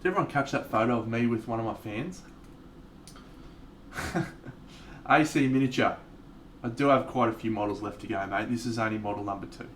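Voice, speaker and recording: A man's voice: lowish voice, fairly quick, long pauses. An Australian man streaming live, chatting casually with viewers, swearing freely and laughing often. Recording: distant mic, faint background noise.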